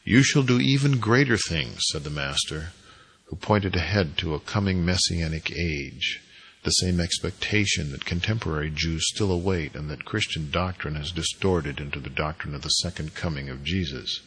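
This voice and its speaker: Deep husky guy lecturing on priesthood, leans hard on his words. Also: fairly bright tone, poor audio. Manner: emphatic, deliberate inflection, stretches words for emphasis. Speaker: spiritual teacher.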